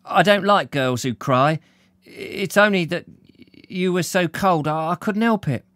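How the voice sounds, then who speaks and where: A man's voice: sits high, a little slow, a bit bright, dry recording, clean studio sound, pitched above the performer's own voice. A man putting on a tearful young woman.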